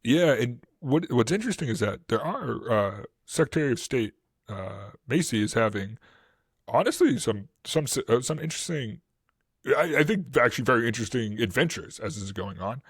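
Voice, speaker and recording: A man with a husky, medium-pitched voice and a Boston accent speaks at normal speed, co-hosting a history podcast. He explains events casually, rambling through fillers and restarts, and quotes with animation. The studio sound is clean, with no room sound.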